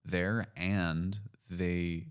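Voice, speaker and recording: A man from Canada hosting a podcast, talking in a relaxed, hesitant way with lots of fillers. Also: low-pitched, drawn-out words, clean tone. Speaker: podcast host. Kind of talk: casual chat.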